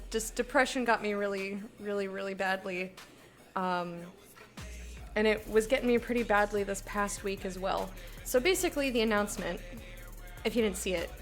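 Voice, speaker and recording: A woman streamer chatting casually with her viewers, bubbly in her greetings and candid and low-key when she talks about herself.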